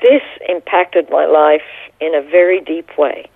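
A woman's voice: low voice, steady tone, unhurried, gravelly, dry recording. A middle-aged woman, a guest, earnestly telling a personal story in an interview. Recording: tinny phone line.

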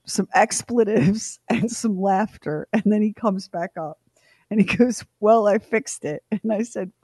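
A woman's voice: medium pitch, a little slow, breathy edge, no echo, clean studio sound. A middle-aged woman co-hosting a radio show, telling a comic family story and acting out everyone's lines. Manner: animated, acts out family members' lines. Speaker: radio co-host.

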